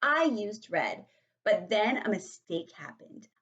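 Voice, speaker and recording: A woman voicing a loud, bossy kindergarten girl in a storybook read-aloud, with a husky voice. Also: mid-range voice, very animated, takes it slowly, highs cut off. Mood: proud. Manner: brash and hollering.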